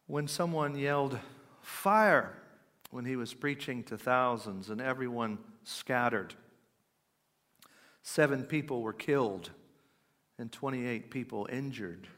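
A man's voice: medium pitch, a little slow, fairly bright tone, long reverb tail. A man giving an earnest talk on faith, moving between plain conversational asides and emphatic readings of old quotations. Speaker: podcast speaker.

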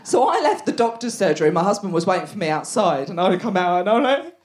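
A woman in her forties performing a brash, animated stand-up routine on a theatre stage. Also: medium pitch, fast, slight background noise. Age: 40s. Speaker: stand-up comedian.

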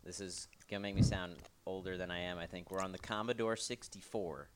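A young adult man, a podcast guest, telling a casual story in a relaxed, rambling way with fillers. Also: low voice, fairly quick, smooth.

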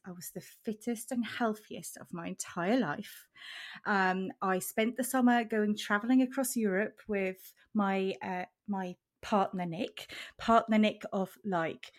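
A woman from Switzerland co-hosting a podcast, chatting casually and telling her story with frequent laughs. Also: medium pitch. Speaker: podcast co-host. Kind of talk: casual chat.

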